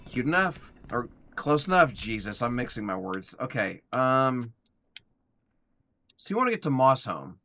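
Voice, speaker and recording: Here a young gamer talks in a medium-pitched, pushed and bright voice, very animated yet unhurried, over slight background noise. Between yawns he chats casually, reads the chat aloud and narrates to himself as he plays, sounding worn out.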